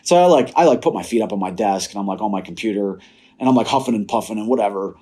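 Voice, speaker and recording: A young adult man, a podcast guest, telling personal stories in a casual, animated way and laughing now and then. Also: on the low side, fast, breathy edge. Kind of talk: casual storytelling.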